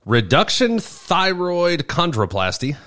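A man co-hosting a podcast, chatting casually in a dry, halting way and reading news items aloud. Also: fairly high pitch, very animated, pushed and bright. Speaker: podcast co-host.

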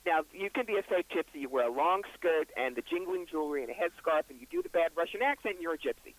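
A man with a brisk, wry storytelling manner, the psychic author and reverend being interviewed on a radio show. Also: fairly high pitch, expressive, rough recording. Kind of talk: interview guest.

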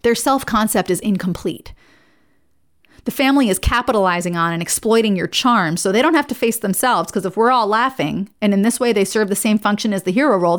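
A woman hosting a solo podcast, talking in a reflective way that swings between playful and hushed. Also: medium pitch, expressive, fairly quick. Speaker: podcast host.

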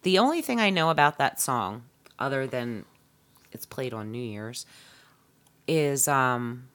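A middle-aged woman with a notably low voice, chatting casually as a podcast co-host. She is curious and playful, teasing her partner and firing off questions. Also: animated, unhurried, a bit bright. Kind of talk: casual chat.

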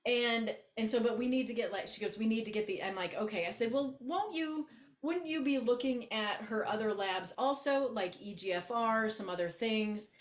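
A woman co-hosting a podcast, telling a story in casual chat, blunt and animated, acting out both sides of a conversation. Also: a little high, moderate pace, echoey room. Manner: animated, blunt, acts out quoted exchanges. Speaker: podcast co-host, coach.

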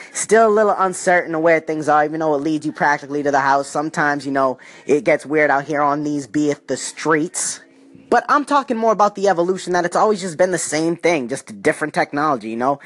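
A man hosting his own comedy podcast, talking in an animated, slangy way and laughing often between jokes. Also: fairly high pitch, dry recording. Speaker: podcast host.

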